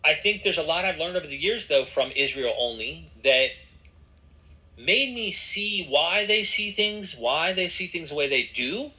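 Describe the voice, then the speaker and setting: Laid-back male podcaster with a sharp, bright tone, slangy. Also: on the high side, animated, a little slow, rough recording. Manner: laid-back, slangy, says dude and bro. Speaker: podcast host. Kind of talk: casual podcast conversation.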